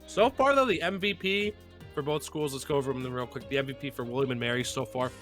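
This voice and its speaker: A young man calls a fighting-game match live, relaxed and full of gamer slang. His voice has a bright, forceful edge, and soft music plays faintly underneath. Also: medium pitch, quick pace. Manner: laid-back, slangy. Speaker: esports commentator. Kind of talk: live esports commentary.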